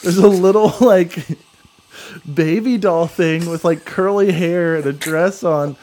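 A man's voice: sits high, unhurried, darkish tone, a little hiss or hum. A young man telling a long story in casual chat, rambling with many fillers.

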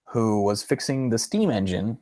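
A man's voice: on the low side, animated, moderate pace, warm tone. A man co-hosting a podcast in casual chat, rambling, restarting his sentences and chuckling often. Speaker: podcast co-host.

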